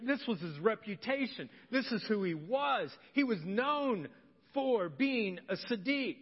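A man preaching a sermon as pastor, humorous and animated, acting out voices of the people in his story. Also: sits high. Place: church hall. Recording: muffled church hall recording with long reverb.

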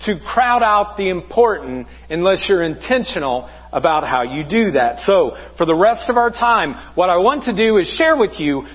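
A man's voice: sits high, sing-song, moderate pace, few pauses, husky, long reverb tail, dull audio. A man preaching a conversational sermon as pastor, asking the congregation rhetorical questions. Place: church sanctuary.

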